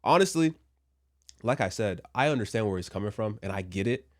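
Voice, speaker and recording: Chatty man giving casual commentary, lowish voice. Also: expressive, brisk. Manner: chatty, joking asides, speaks from a Christian view. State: a little sick. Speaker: commentary vlogger.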